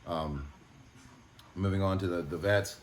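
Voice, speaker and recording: A low-voiced man talks quickly in an emotional vlog, stumbling over restarts and swearing in frustration. Faint room ambience hums behind him. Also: slight background noise. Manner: halting, frustrated, swears often. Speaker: animal sanctuary owner.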